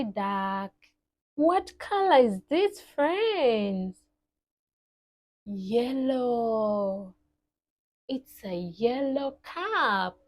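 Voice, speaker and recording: A young woman teaching toddlers, speaking slowly and cheerfully in an exaggerated sing-song and imitating animal sounds. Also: medium pitch. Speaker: children's teacher.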